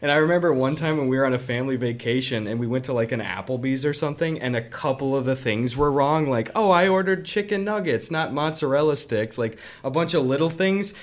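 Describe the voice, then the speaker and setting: A young man co-hosting a podcast, telling funny stories in casual chat and slipping into loud, laughing impressions. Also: mid-range voice, fast, few pauses. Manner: animated storyteller, bursts into loud laughing impressions. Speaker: podcast co-host.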